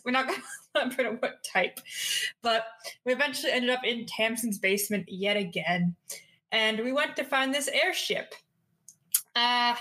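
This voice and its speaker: A woman player recapping a tabletop game session in casual chat, giggly and swearing, with quick asides. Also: a little high, a bit bright.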